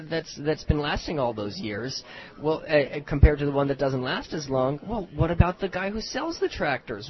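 A man being interviewed as a research director, talking in lively casual style with sarcastic asides and frequent restarts. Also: a little high. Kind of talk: casual radio interview talk. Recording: dull lo-fi radio audio.

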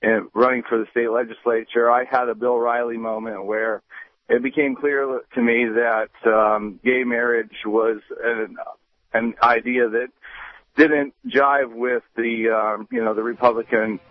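A man calling in to a talk radio show, telling his story earnestly with many pauses. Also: medium pitch, level tone, no room sound, narrow, tinny audio. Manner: earnest, pausing with fillers. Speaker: caller.

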